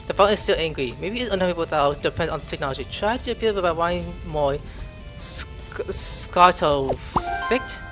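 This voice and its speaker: A young man playing a video game, reading its text aloud and reacting with excited outbursts. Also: fairly high pitch, normal speed, faint music behind. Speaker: gameplay streamer. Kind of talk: casual game commentary.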